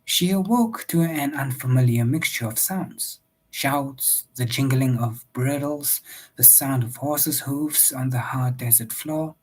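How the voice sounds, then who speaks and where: A man reading a novel aloud in a steady, measured storybook narration. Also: mid-range voice, low-quality recording. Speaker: audiobook reader.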